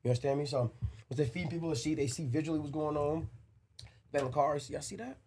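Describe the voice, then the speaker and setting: A man's voice: a little high, steady tone, fast talker, warm tone, a little hiss or hum. A man co-hosting a podcast, talking earnestly and emphatically about raising his two boys, often repeating himself. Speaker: podcast co-host. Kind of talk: casual chat.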